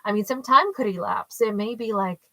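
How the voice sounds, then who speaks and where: A woman giving a casual tarot reading, thinking aloud and questioning her own reading with animated asides. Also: medium pitch, fairly quick, dry recording, low-quality recording. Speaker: tarot storyteller.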